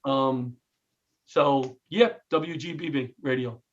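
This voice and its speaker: A middle-aged New York man, a comedian and retired firefighter, tells stories in an interview and acts out the lines of the people in them. He's an animated, jokey storyteller with a medium-pitched, slow voice, recorded with lo-fi sound.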